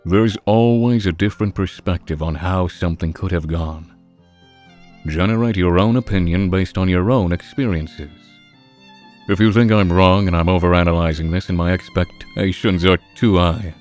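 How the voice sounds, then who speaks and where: A deep-voiced man delivering a heated monologue, pressing each point with earnest conviction. His tone is passionate and ranting, like a diatribe. Gentle music plays softly behind him. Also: moderate pace. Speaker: video reviewer. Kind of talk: opinionated film critique monologue.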